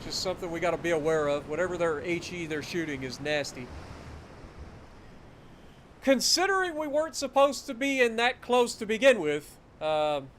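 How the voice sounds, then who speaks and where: A man giving casual, animated live commentary as he plays a strategy game, ranting now and then in mock outrage. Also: fairly high pitch, moderate pace, slight background noise. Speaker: gaming streamer.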